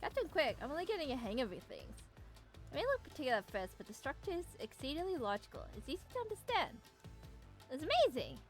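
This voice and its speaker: A woman's voice: high voice, sing-song, fast talker. A woman streaming a video game, chatting and reacting as she plays, with game music behind. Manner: chatty, reacting and reading along. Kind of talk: let's play commentary.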